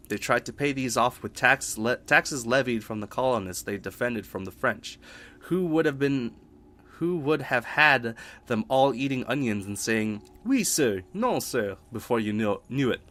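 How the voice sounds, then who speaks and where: A man's voice: mid-range voice, measured pace, fairly bright tone. Playful man reading aloud. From Britain. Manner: playful, joking asides, stumbles over words. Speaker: gaming YouTuber. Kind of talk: reading game database entries aloud with jokes.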